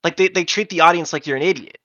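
A man's voice: fairly high pitch, quick pace, pushed and bright, no echo, muffled recording. A man in casual podcast chat, ranting emphatically about what he dislikes.

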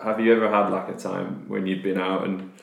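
A man's voice: low voice, flat delivery, a little fast, gravelly. A man hosting a podcast, asking loose, rambling questions with restarts. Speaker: podcast host. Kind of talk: casual interview questions. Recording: echoey room.

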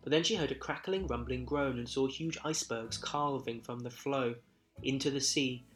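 A man narrating a Christmas story in verse with a measured, rhythmic delivery. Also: mid-range voice, fairly bright tone, faint music behind.

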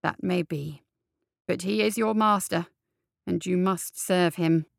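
A woman voicing a talking severed head, dutiful, measured, slow, dry sound. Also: lowish voice, gravelly, no room sound, full character voice. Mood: stern. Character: severed male head in a bag, calm and dutiful.

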